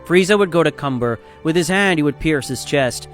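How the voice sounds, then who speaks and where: A man narrating a fan story in a steady, dramatic storytelling style. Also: a little high, brisk, faint music behind.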